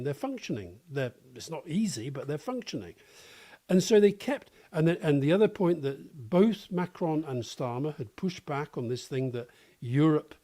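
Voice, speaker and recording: A man's voice: a little high, warm tone. A British man co-hosting a political podcast, speaking in an indignant, emphatic way. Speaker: podcast co-host.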